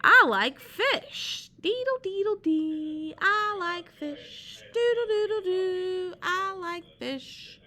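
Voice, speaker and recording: A woman voicing a big, hungry male pelican who hums a slow singsong tune to himself. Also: very high voice, expressive, sharp tone, pitched above the performer's own voice, full character voice.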